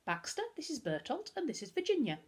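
A woman voicing a determined, secretive boy who leads his friends, speaking in a quietly insistent way. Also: sits high, wildly swooping pitch, quick pace, slightly rough, pitched above the performer's own voice, heavily acted.

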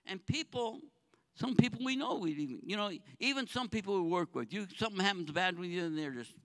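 A male pastor with a notably high voice delivers a sermon. He pleads and presses, dropping into quiet low phrases and then climbing back up with rhetorical questions to his listeners. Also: animated, fairly quick. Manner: earnest, with rhetorical questions to the congregation; swings between soft low phrases and raised, pressing ones.

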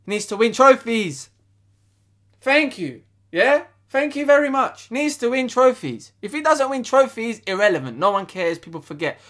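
A young man rants about his football team, swearing freely and circling back to the same complaints. His voice sits high and sounds bright and forceful. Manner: ranting, sweary, repetitive. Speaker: football fan vlogger. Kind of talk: angry fan rant.

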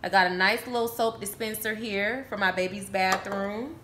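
A woman chatting casually to the camera at home, showing off a shopping haul and getting excitable over bargains while calling her viewers y'all. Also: medium pitch, normal speed, roomy sound, slight background noise. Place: room at home.

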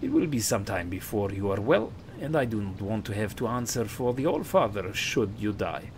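A solemn, proud warrior of a wolf clan speaks in a rough Scottish brogue, as a man reads the game lines aloud. He declaims every line with grave weight in a low voice. A faint hiss sits under the speech. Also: sing-song, moderate pace. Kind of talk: reading game dialogue aloud.

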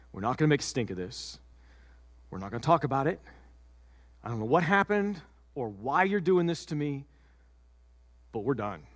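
A man's voice: very high-pitched, bright, forceful tone, long reverb tail, voice pushed up, heavily acted. A man voicing a young man who is upset and panicking, agitated and pleading. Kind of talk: sermon role-play.

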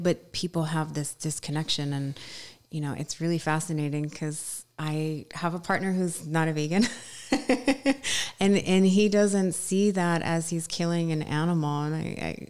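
Low-voiced chatty woman host. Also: level tone, normal speed, a little mellow. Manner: chatty, with frequent restarts and laughs. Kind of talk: conversational interview.

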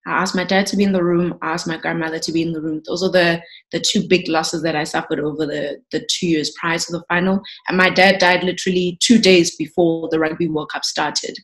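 A woman's voice: on the low side, brisk, hardly any pauses. A woman in her thirties, a sports broadcaster, telling her story in an interview with feeling and many repeated words. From South Africa. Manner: emotional, animated, repeats words when moved.

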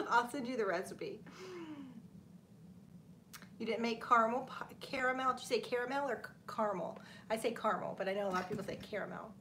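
A woman's voice: fairly high pitch, fairly bright tone, a little hiss or hum. A woman in her thirties hosting a casual livestream, chatting with viewers, reading their comments aloud and laughing often. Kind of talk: casual live chat.

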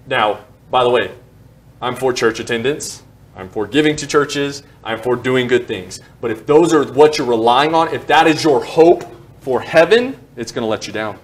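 Joking, animated male pastor. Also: mid-range voice, moderate pace. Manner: joking, animated, self-deprecating asides. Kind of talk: sermon. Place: church sanctuary.

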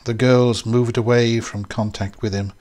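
A man giving a measured, scripted narration of a classic short story. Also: medium pitch, little pitch movement, a little mellow. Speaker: reader.

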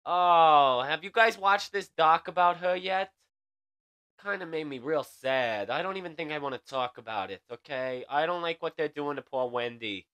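Young man, late-night comedy news host, campy, sassy, bright sharp tone. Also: on the high side, lively intonation, normal speed, smooth. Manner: sassy and campy, tags lines with "okay?". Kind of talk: comedic celebrity news monologue.

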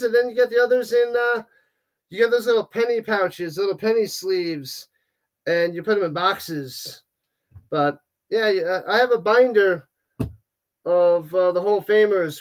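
Guy with a high voice hosting a live stream, chatty and animated, groaning and exclaiming as he goes. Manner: animated, exclaiming, groaning at bad card pulls. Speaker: host of a live hockey watch party stream. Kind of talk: casual livestream chat, reading viewer comments.

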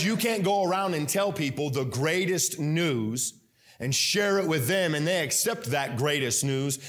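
A man preaching a sermon in a church, telling stories with lots of energy, fillers and repeated phrases. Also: on the high side. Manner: energetic, animated storytelling with many fillers and repetition. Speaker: pastor. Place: church sanctuary.

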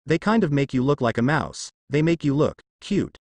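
A man's voice: fairly high pitch, big pitch swings, normal speed, darkish tone, no echo. A man voicing a cheerful, clueless teenage boy ninja, eager and earnest, close to his own voice.

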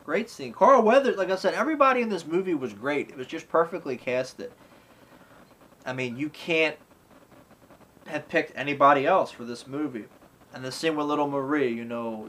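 A man's voice: fairly high pitch, moderate pace, fairly bright tone, low-quality recording. A man casually reviewing a classic film in a rambling way, filling his talk with "you know" and "like" and acting out lines from scenes. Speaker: movie reviewer.

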